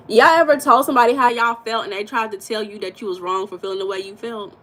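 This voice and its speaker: An American woman hosting a casual livestream, chatting and reading viewer comments in a blunt, animated way, with occasional swearing and emphatic bursts. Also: a little high, quick pace, few pauses, slight background noise, rough recording. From United States. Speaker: livestream host.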